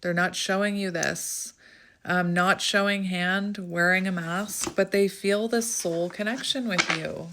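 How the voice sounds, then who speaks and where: A woman's voice: medium pitch, unhurried, background noise. Chatty woman reading tarot cards. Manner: chatty, intuitive, thinks aloud while drawing cards; frequent laughs and bursts of excitement. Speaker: tarot reader. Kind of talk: casual tarot reading to camera.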